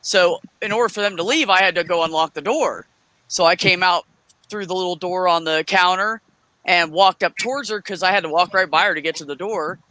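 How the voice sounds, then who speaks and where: Bright-voiced woman in her forties. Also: on the low side, brisk, no echo, poor audio. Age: 40s. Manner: heated, profane retelling with quoted dialogue. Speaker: streamer. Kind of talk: casual storytelling.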